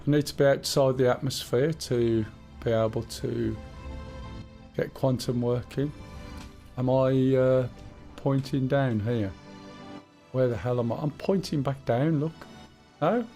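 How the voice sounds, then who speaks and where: A man's voice: mid-range voice, measured pace, dark tone, faint music behind. A man with a Black Country accent chatting casually and rambling to himself while he streams a game. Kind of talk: casual live-stream gaming chat.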